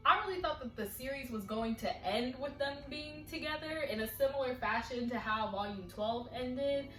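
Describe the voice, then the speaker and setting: A woman excitedly reviewing a manga volume in a casual vlog, retelling scenes with acted-out lines. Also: high-pitched, normal speed. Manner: animated, dramatic retelling with acted-out quotes. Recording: echoey room, slightly distant mic, faint music.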